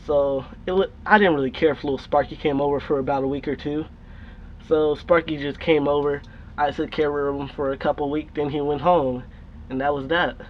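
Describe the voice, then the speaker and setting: Young male vlogger, raised pitch, faint hiss, rambling swearing storyteller. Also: fairly even intonation, a little fast. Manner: profane, laughing, rambling. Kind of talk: casual storytelling. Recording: dull lo-fi recording with faint noise.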